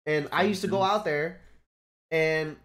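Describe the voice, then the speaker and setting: A man from Texas with a Texas accent, chatting casually with friends on a stream, animated and swearing freely with a Southern drawl. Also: on the high side, a little slow.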